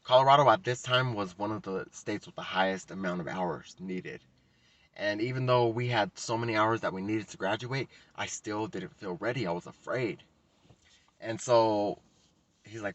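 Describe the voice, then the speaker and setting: A man's voice: lowish voice, moderate pace, a bit bright, no echo, lo-fi sound. A young man who works as a hairstylist, telling a casual, profane story in a vlog with lots of fillers. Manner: casual and profane, with many likes. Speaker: hairstylist vlogger.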